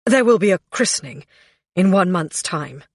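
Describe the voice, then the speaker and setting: A woman's voice: on the low side, animated, no echo. A woman reading an audiobook, voicing a nervous male servant, a bird turned into a man, who talks hesitantly and fidgets. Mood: rushed. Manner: hesitant and fidgety, then rushed.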